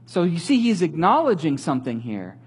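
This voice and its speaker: A man giving a sermon as a pastor, telling the story in a conversational, animated way with light humor. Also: fairly high pitch, a little fast, husky.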